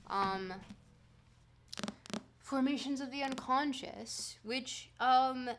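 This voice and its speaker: A woman whose first language is French hosts a livestream, reading a dense text aloud and breaking off to chat with her viewers. Her voice sits a little high, and her manner is loose and joking, with casual swearing. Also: noisy background. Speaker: streamer.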